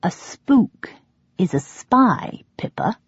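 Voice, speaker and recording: A woman voicing a gruff, secretive older American father who speaks tersely and firmly, in a storybook reading. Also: medium pitch, big pitch swings, takes it slowly, no room sound, exaggerated voice. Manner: terse and firm. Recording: dull lo-fi audio.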